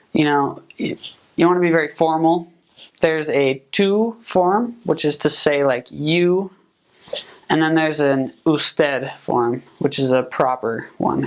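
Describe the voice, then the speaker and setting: Chatty young man giving advice. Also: fairly high pitch. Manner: relaxed, chatty, filler-heavy. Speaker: returned missionary. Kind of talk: casual advice talk.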